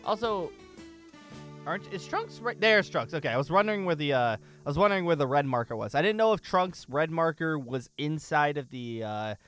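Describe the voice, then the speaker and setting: Man, gaming commentary, rambling, thinks aloud, slightly high voice, faint music behind. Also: lively intonation, brisk, fairly bright tone. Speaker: gaming channel host. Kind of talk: casual gameplay commentary.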